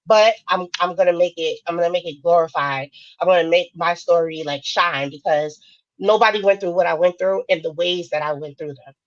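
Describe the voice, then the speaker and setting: A woman's voice: on the low side, fairly quick, no room sound, dull audio. A woman guest on a talk show, speaking passionately and informally, with many fillers like "like". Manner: passionate, informal, says "like" often. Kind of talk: casual interview talk.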